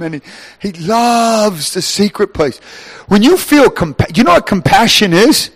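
A man in his thirties preaching a lively sermon, swinging between quiet storytelling and loud exclamations. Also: high-pitched, unhurried.

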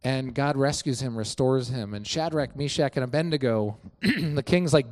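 A man talking casually about his faith, retelling old stories and acting out quoted lines with many fillers. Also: normal speed. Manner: animated storytelling, acts out quoted lines with rising pitch; many fillers like "you know". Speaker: church member sharing reflections.

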